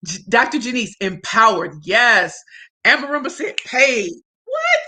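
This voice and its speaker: Bright-voiced, effusive woman livestream host. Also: fairly high pitch, animated, a little slow. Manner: effusive, greets viewers by name and reads comments aloud; slangy and emphatic. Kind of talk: casual livestream chat.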